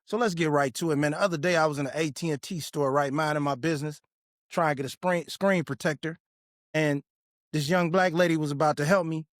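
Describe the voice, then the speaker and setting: A man's voice: on the high side, no echo, studio quality. A man hosting his own podcast, telling a personal story in a casual, blunt way full of street slang and profanity. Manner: animated when retelling confrontations. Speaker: podcast host.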